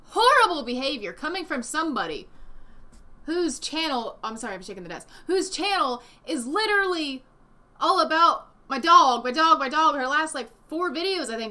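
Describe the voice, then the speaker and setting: Indignant, lively young woman vlogger. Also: high voice, normal speed. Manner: indignant, animated, swears often. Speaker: commentary vlogger. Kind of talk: casual reaction commentary. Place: home room with desk and a dog nearby.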